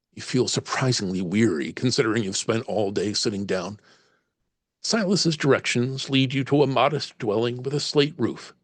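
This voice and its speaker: A man's voice: medium pitch, dry recording. A man narrating a solo tabletop horror game as game master, reading passages aloud and musing over the choices. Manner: reads aloud, then muses on choices.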